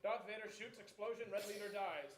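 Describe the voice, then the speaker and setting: A man's voice: sits high, brisk, roomy sound, noisy background. A man reading stage directions and lines in a casual table read of a mock-Elizabethan play, with friends chattering. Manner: mock-Elizabethan verse, breaking into laughter and swearing. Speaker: reader of stage directions and Red Leader.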